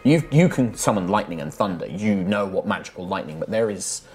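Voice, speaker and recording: A man narrating as game master of a tabletop game, relaxed and a little hesitant, with frequent fillers. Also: low voice, a little fast.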